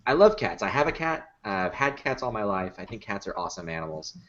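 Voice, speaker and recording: A man's voice: on the low side, big pitch swings, quick pace, a bit bright, dull audio. A man who builds and performs puppets, telling stories in a casual podcast chat, with easy laughs and many fillers. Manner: laughs easily, chatty storytelling with many fillers.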